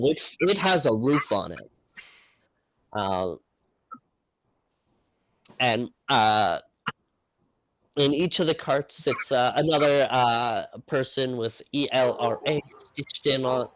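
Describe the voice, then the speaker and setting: A man running a tabletop game as game master, narrating in an improvised, relaxed way with many fillers and restarts. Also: mid-range voice, poor audio.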